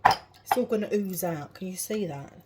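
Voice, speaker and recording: A woman's lowish voice, moving at a moderate pace, chats through her home cooking for a vlog as she chuckles at herself. Behind her, dishes and cutlery clatter around the kitchen.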